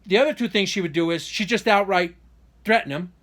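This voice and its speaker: A man's voice: sits high, fairly quick, fairly bright tone. A man talking straight to camera in an unscripted monologue, rambling with frequent restarts and an indignant, aggrieved tone that speeds up in bursts on key points. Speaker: vlogger giving a personal update.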